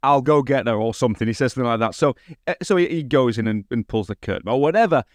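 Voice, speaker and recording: A man's voice: mid-range voice, expressive, fast talker, darkish tone, no room sound. Wry podcast man on a dry mic. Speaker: podcast co-host. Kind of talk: casual chat.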